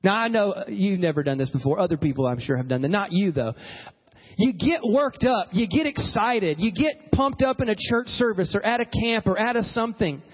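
Animated high-voiced preacher in a hall. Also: male voice, moderate pace, lo-fi sound. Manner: animated preaching, acts out quoted voices, calls for amens. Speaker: pastor. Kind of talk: sermon.

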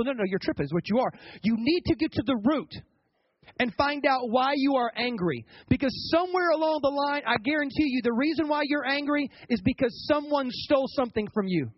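Here a man preaches a sermon in a very high-pitched, animated voice, going a little fast. There's no room sound, and the highs are cut off. His pastoral delivery is colloquial and conversational, full of restarted words and requests for the congregation's replies.

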